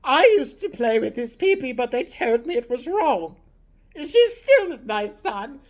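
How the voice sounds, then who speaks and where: A frail, senile queen of great age wails in a high, tearful quaver, put on by a woman in a comedy rant. Her voice climbs far above normal and swings wildly. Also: big pitch swings, a little slow.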